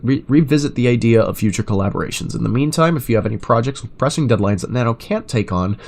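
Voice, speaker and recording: A man reading chat messages aloud in an even, measured way, breaking into loud, sarcastic rants full of swearing. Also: fairly low pitch. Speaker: commentator reading chat logs.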